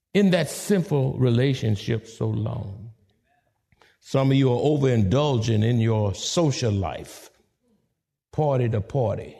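A male pastor preaching a sermon, swinging from soft hushed lines to sudden high exclamations. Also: animated, unhurried.

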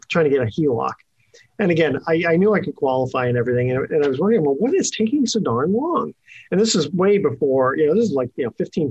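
A man's voice: medium pitch, darkish tone, breathy edge, highs cut off. A man hosting a radio interview show, chatty and rambling with lots of fillers.

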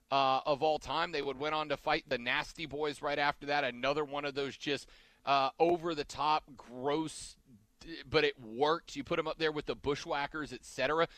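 A man's voice: fairly high pitch, a bit bright, no echo. A man hosting a casual podcast chat, rambling and backtracking mid-sentence as he talks.

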